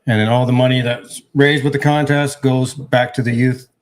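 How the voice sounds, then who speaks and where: A man's voice: mid-range voice, level tone, moderate pace. A man from South Dakota, a guest on a casual interview, talking in a plain, matter-of-fact way.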